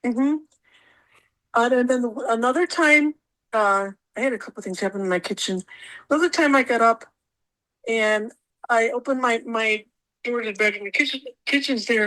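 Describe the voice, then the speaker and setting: A woman with a fairly high voice tells her own stories in a casual interview. She rambles and repeats words, and she acts out the things she said. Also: animated, unhurried, pauses often, a bit bright, rough recording. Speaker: guest.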